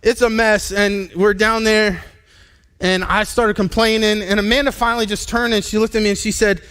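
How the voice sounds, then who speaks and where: A man in his thirties, a pastor, preaching a candid personal testimony in a live church sermon, halting and restarting as he talks. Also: high-pitched, flat delivery, fairly bright tone, clear, resonant tone. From United States. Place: church sanctuary.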